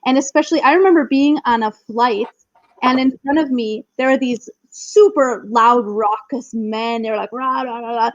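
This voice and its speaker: A young woman with a fairly high voice talks eagerly as a podcast guest, sprinkling her sentences with "like." The sound is dry and close, a little dull and lo-fi. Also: moderate pace, no echo. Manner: chatty, many "like" fillers, enthusiastic. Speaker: guest, Spanish teacher. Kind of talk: casual podcast chat.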